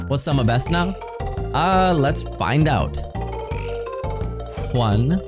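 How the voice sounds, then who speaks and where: A man streaming video games and chatting casually, excitable, laughing often and swearing as he reacts. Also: medium pitch, measured pace, pauses often, over music. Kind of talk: casual livestream chat.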